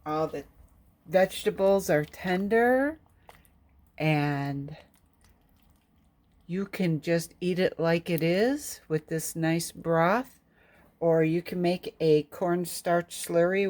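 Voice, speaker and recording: Slow-talking, low-voiced woman home cook. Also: darkish tone. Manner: slow, homey, rambling. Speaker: cooking vlogger. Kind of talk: casual cooking chat and storytelling.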